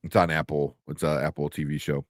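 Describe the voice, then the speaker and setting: A man's voice: rumbling low, flat delivery, a little fast, dry recording, clean studio sound. A man co-hosting a live entertainment news show, chatting casually and laughing as he reads out viewer comments. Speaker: podcast co-host. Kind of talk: casual chat.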